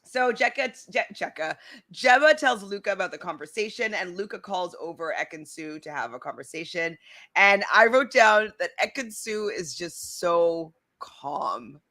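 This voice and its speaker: A woman co-hosting a casual reality show recap, chatty and animated, with lots of likes and restarts. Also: mid-range voice, moderate pace.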